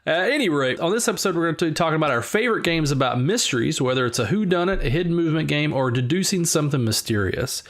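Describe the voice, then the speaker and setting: Male podcast host, animated and jokey, slightly high voice. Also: quick pace, hardly any pauses. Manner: playful, jokey. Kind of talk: casual chat.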